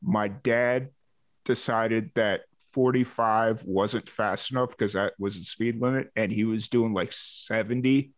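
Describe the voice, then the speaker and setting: A man's voice: on the low side, steady tone, a little slow, dry recording. A man from Chicago hosting an interview podcast, telling stories in an easygoing way and putting in short backchannels. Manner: easygoing storyteller, brief backchannels. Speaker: podcast host. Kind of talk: casual interview chat.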